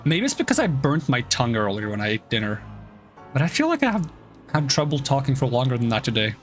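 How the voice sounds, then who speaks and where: A man's voice: mid-range voice, huge pitch swings, fast, faint music behind. A sleepy man streaming a game, joking about himself in a playful, casual way. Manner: playful, self-mocking, reads game lines aloud.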